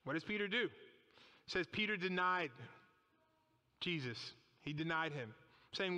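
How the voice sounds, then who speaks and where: Guy preaching in a big echoey church, bright voice, asks the crowd lots of questions. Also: high-pitched, sing-song, normal speed, long pauses. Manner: emphatic, dramatic retelling with rhetorical questions. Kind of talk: sermon.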